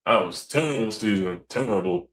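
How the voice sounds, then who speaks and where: A man, a commercial fisherman, telling stories in a casual, animated way, acting out quotes and swearing freely. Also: fairly low pitch, moderate pace. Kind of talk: casual storytelling.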